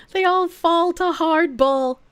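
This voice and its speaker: Very high-voiced giggly woman streamer. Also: fairly bright tone, no echo. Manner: giggly, laughs often, blunt and crude. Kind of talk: casual live-stream chat, reading messages aloud.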